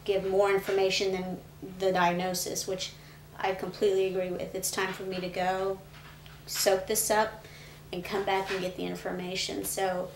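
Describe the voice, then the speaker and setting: Woman telling a tough personal story, pretty flat delivery, echoey room, faint hiss. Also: medium pitch, moderate pace. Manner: earnest, gently reliving a hard memory. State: pregnant. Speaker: interviewee. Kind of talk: emotional personal account.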